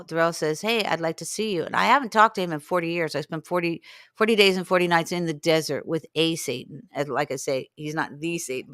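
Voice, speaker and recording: A woman in her sixties with a low, smooth voice tells her story as an interview guest. She slips into the voices of the people she quotes. The sound is dry and close. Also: no echo. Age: 60s. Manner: animated, acts out quoted dialogue. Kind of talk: storytelling in conversation.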